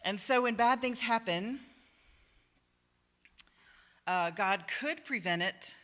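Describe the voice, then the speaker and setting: Woman minister giving a sermon, bright voice, chatty, does little voices for quotes. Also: medium pitch, slow. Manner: conversational, acts out quoted voices. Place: church sanctuary.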